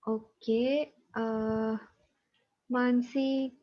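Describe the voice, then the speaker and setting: Woman, math teacher online, patient and encouraging, raised pitch, dull call sound. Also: little pitch movement, extremely slow. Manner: patient, checking students' answers aloud.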